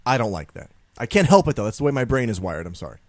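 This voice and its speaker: A man chatting on a podcast with a lively voice that leaps from low mutters to high exclamations. He sounds self-deprecating and casual, recorded close and dry. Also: fast talker, dry recording. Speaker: podcast co-host. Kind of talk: casual chat.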